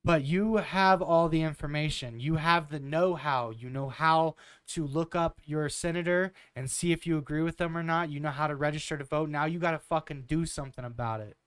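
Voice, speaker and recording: A man's voice: on the high side, normal speed, hardly any pauses, smooth, no echo. A man in his twenties giving blunt, sarcastic political commentary with some swearing. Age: 20s.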